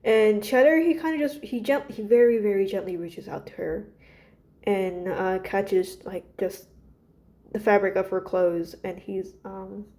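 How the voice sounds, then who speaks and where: Woman, warm mellow voice, gentle hesitant ramble full of ums and restarts. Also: medium pitch, unhurried. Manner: hesitant, many fillers and restarts. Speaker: creator discussing her characters. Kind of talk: casual rambling monologue.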